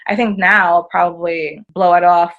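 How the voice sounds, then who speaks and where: A woman's voice: lowish voice, moderate pace, muffled recording. An American woman, a podcast guest, chatting casually and acting out quoted dialogue as she tells her stories. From United States. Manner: animated, acts out quoted dialogue. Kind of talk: casual conversational storytelling.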